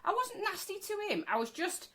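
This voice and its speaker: Forthright podcast lady in her 40s, lively up and down voice, swears a lot telling stories. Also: very high voice, fairly quick, slight background noise. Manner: blunt, sweary storytelling with acted quotes. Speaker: podcast co-host. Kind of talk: casual chat.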